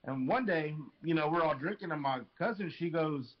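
A young man co-hosting a podcast tells stories about his family roasting him. He swears often and laughs through it. His voice sits fairly high and the recording sounds dull and lo-fi. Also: moderate pace. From Mexican family. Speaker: podcast co-host. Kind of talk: casual chat, storytelling.

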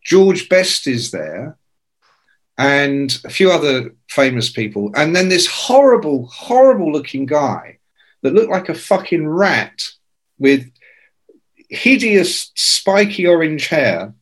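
A man in his sixties spins loose, profane stories as an interview guest. His fairly high voice swoops up and down as he slips into the voices of the people he quotes. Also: slow pace. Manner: animated, sweary, acts out quoted voices. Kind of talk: casual storytelling.

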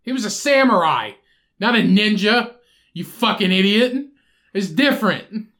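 A man's voice: high-pitched, animated, unhurried, pushed and bright. A man co-hosting a podcast in casual chat, blunt and mocking, swearing freely. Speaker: podcast co-host.

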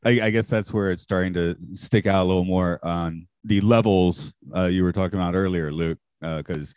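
Deep-voiced man with faint Southern accent. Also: fairly even intonation, moderate pace, a little mellow, smooth, dry recording. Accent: slight Southern American. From American South. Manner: rambling, hesitant, laughs at himself. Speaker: podcast co-host. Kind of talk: casual podcast discussion.

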